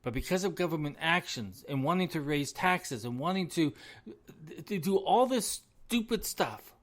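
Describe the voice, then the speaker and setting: A man's voice: a little high, lively intonation, moderate pace, fairly bright tone. A middle-aged man hosts his own podcast in a solo rant. He hammers his points with emphatic repetition and chuckles at himself between lines. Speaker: podcast host.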